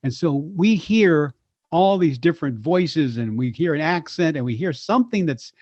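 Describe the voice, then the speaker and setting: Animated male impressionist telling stories. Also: a little high, normal speed, no room sound. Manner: animated storyteller, slips into voices. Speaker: voice actor and impressionist, guest. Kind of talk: storytelling chat. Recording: slightly dull lo-fi sound.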